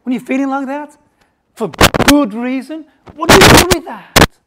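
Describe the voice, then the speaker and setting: Female preacher, conversational sermon, rhetorical questions, hushed then loud, heavy noise behind. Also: high voice, normal speed.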